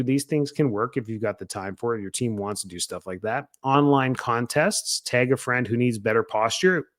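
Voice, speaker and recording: An energetic man talks casually as a coach for practice owners. His voice sits at an ordinary middle pitch, and he slips into little acted-out bits of what people might say. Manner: energetic and chatty, acts out quoted lines. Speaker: podcast host coaching chiropractors.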